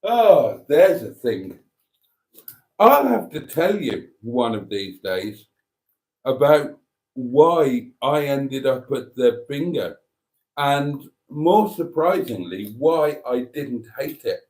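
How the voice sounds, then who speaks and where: A man's voice: mid-range voice, very animated, takes it slowly, darkish tone. A man from Britain hosting a live stream, chatting casually and rambling between jokes. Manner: rambling, jokey, theatrical.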